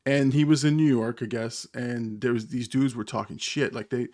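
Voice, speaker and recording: A man hosting a casual live-stream chat, telling a gaming story with frequent laughs, stammers and high-pitched mimicry of others. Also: normal speed, a little mellow, no room sound, studio quality. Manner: laughs often, stammers and restarts. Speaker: podcast host.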